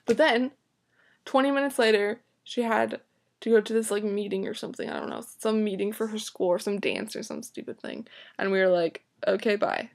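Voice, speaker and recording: A woman's voice: mid-range voice, a little fast, creaky. A young woman vlogger telling a story casually, dramatic and exasperated, swearing freely and filling her talk with "like".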